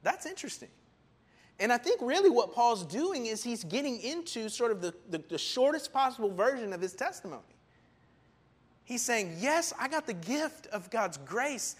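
A man preaching a sermon in an animated, emphatic way, often acting out quotes. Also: extremely high pitch, normal speed. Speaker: pastor.

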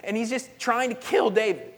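A man preaching a sermon, telling stories in a lively, casual way, with plenty of "like" in his speech. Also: very high-pitched, moderate pace. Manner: animated storytelling, casual with frequent "like". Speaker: pastor. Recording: long hall reverb.

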